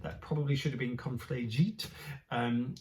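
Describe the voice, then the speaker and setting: A woman leading a choir rehearsal, chanting Latin phrases slowly and adding soft, quick tips in an encouraging, relaxed way. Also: a bass voice. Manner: chanting slow Latin demonstrations between quick, soft asides. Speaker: choir leader.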